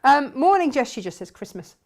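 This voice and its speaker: A woman's voice: sits high, sing-song, a little fast, a little mellow. A middle-aged woman hosts a casual live stream for a fabric shop. She chats freely, greets viewers by name and reads out their comments, laughing often.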